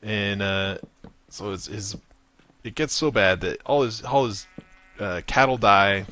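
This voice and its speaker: A man casually chatting and loosely retelling a story while playing a video game, with excited outbursts at enemies. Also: fairly low pitch, a little slow, slight background noise. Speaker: gaming video host. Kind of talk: casual gameplay commentary.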